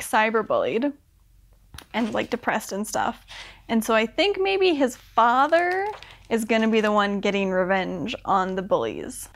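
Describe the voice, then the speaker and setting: A young woman talks through a book in a loose, rambling vlog, her voice sitting a little high. She fills her sentences with "like" and slips into quick acted-out asides for the characters. It sounds like an unscripted chat at home. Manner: chatty, full of "like", acts out characters in quick asides. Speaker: book vlogger. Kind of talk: casual rambling book review. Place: indoors at home.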